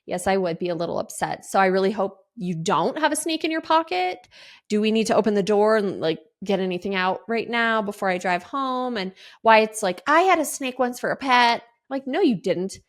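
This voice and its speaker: A woman's voice: mid-range voice, lively intonation, a little fast. Exasperated woman in her forties ranting. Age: 40s. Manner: exasperated, rambling, swears freely. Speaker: podcast host. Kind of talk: casual storytelling monologue.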